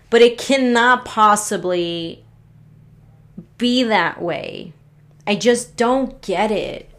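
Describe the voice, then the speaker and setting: A woman talks straight into her podcast mic, thoroughly fed up and not hiding it. She swears without hesitation and trips over her own sentences as she vents, in a voice of ordinary middle pitch. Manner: exasperated, swears freely, restarts sentences. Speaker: podcast host. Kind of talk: casual solo podcast rant.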